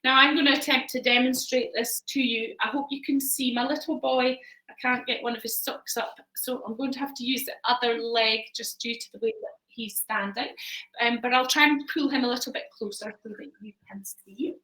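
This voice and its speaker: A woman's voice: a little high, fairly even intonation, fairly quick, sharp tone, far from the mic. A woman presenting a live shop chat from home, explaining things with many ums and small hesitations. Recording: echoey room, away from the mic.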